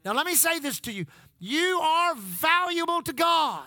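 A man's voice: extremely high pitch, sing-song, unhurried, bright, forceful tone, no room sound. A middle-aged man preaching a sermon, telling folksy stories and calling out to the congregation. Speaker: pastor.

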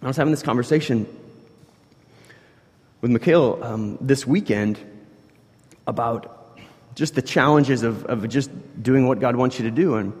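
A man preaching a sermon in a conversational way, shifting from quiet asides to loud, emphatic stretches. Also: mid-range voice, measured pace, long pauses, breathy edge. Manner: conversational, swings between soft asides and loud emphatic bursts. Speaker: pastor. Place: church hall. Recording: long hall reverb.

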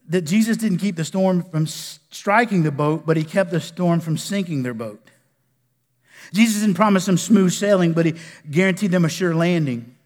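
A male pastor preaching a sermon in a folksy way, dropping to a hush and rising to loud bursts. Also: fairly high pitch. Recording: echoey hall with long reverb.

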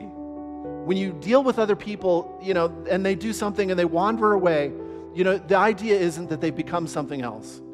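Man, pastor preaching, fairly high voice, earnest and chatty, long hall reverb, music underneath. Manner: earnest, conversational preaching with many fillers and restarts. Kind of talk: sermon.

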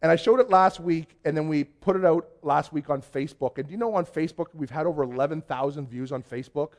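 A man preaching a conversational sermon to his congregation, telling stories in an excitable, chatty way. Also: a little high, fast. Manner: chatty storytelling, excitable, many restarts. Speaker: pastor. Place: church before a congregation.

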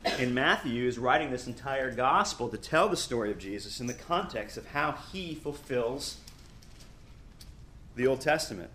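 A middle-aged man teaching a Bible lesson, reading scripture aloud with emphatic, animated delivery and quick asides. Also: mid-range voice, a little hiss or hum.

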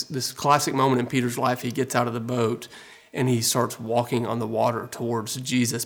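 A man preaching a sermon in an earnest, conversational way, with frequent fillers. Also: medium pitch. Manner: conversational, earnest, many fillers like "you know". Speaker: pastor.

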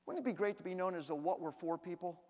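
A male pastor with a strikingly high voice delivers a sermon, swinging from punchy, emphatic lines to hushed, confiding asides. His words ring out with the long reverb of a large hall, as if carried through a church sanctuary. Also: quick pace. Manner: dynamic, swings between loud emphatic bursts and quiet asides.

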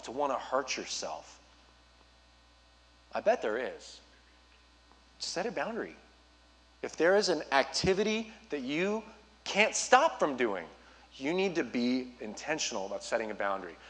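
A man preaching as a youth pastor, urging his listeners directly with an earnest, personal manner and quick asides. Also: medium pitch, fairly bright tone. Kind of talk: sermon.

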